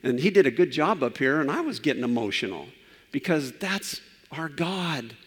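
A man's voice: a little high, very animated, moderate pace, slightly rough, long reverb tail. A man preaching as pastor, telling a story and then closing in earnest prayer to a church. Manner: earnest, trailing off softly in prayer. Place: church sanctuary.

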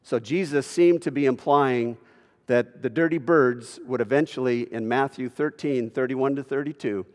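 A man's voice: medium pitch, moderate pace, darkish tone. Man preaching in a reverberant hall. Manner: folksy preaching with rhetorical questions to the congregation. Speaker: pastor. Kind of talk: sermon. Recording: long reverb of a large hall.

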